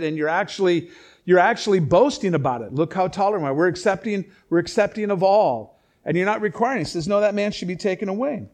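A man preaching a conversational Bible teaching, animated, with sarcastic asides and chuckles. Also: sits high. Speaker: pastor. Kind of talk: expository sermon.

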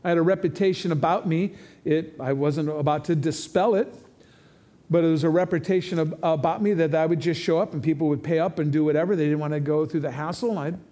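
A male pastor delivers a sermon in a church sanctuary. His voice sits fairly high for a man, and he preaches in a loose, conversational, animated way. He slips in quick acted-out quotes as he goes.

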